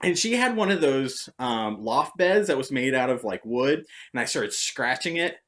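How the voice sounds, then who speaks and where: A woman telling stories in a casual vlog monologue, sarcastic and animated. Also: moderate pace. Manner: animated, sarcastic, jumps between high and low tones. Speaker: vlogger.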